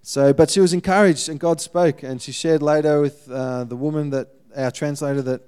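A man giving a guest sermon, telling a missionary story in a lively way and acting out the people in it. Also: fairly high pitch, moderate pace, clean tone.

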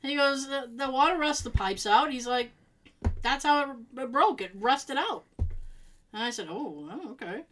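A woman telling a long story in casual chat, animated and laughing as she acts out what people said. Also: sits high, normal speed, a little hiss or hum, low-quality recording.

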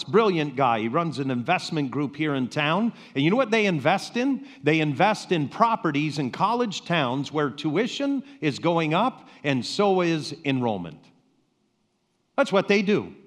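A pastor delivers a sermon in a fairly high, lively voice that climbs and drops with emphasis. He pauses slowly and leans on rhetorical questions. The sound rings with the long reverb of a large hall.

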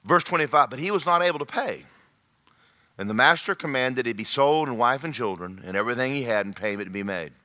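A male pastor, preaching a sermon in an animated way that swings from loud to hushed. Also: mid-range voice, fairly quick.

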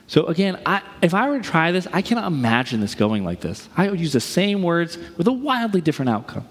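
A man's voice: a little high, brisk, slightly rough. A middle-aged man preaching a sermon, telling a story and acting out the voices of its people. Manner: storytelling, animated, acts out quoted voices. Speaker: pastor. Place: large church auditorium. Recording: long reverb of a large hall.

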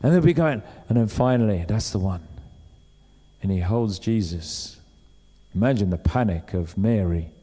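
A man's voice: lowish voice, lively intonation, normal speed, warm tone, breathy edge, big-room sound. A man preaching a sermon in a chatty, storytelling way, acting out the voices of the people he describes. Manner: conversational, acts out quoted voices.

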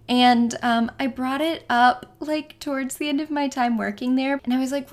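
A young woman hosts a podcast from her home, her voice sitting a little high. She talks in a loose, rambling way, full of fillers and little laughs. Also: fairly even intonation, normal speed, few pauses, slight background noise. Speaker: podcast host. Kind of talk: casual chat.

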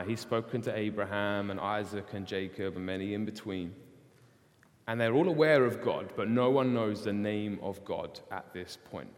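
A man preaching a sermon, telling the story lively and acting out the dialogue. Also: fairly low pitch. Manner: animated storytelling with acted-out dialogue. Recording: long hall reverb.

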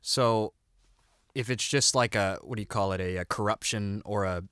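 A man with a fairly low voice chats in a halting way, breaking off and restarting his thoughts. The sound is close and dry. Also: fairly bright tone, smooth, no echo. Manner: hesitant, halting, restarts sentences. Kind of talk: casual fan discussion.

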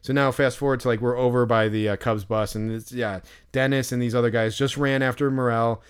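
A young man co-hosting a podcast, telling a story in a casual, animated way with many fillers. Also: a little fast, clear, resonant tone. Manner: animated storyteller, acts out others in loud high voices. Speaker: podcast co-host. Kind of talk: casual chat.

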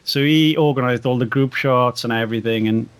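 A man in casual chat as a guest, telling stories in a relaxed way, laughing often and acting out what people said. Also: medium pitch, brisk, clear, resonant tone, no room sound. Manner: laid-back storyteller, laughs often, acts out quotes. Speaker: guest photographer.

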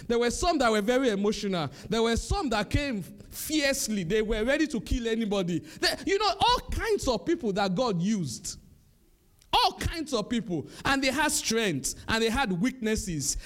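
High-voiced, lively preaching man. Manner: animated preaching with chuckles and repetition. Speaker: pastor. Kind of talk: sermon.

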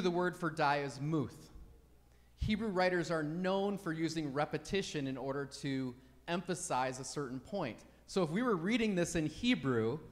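A man's voice: a little high, in a large hall. A man preaching a teaching sermon, emphatic and checking in with the congregation by asking "right?". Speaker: pastor.

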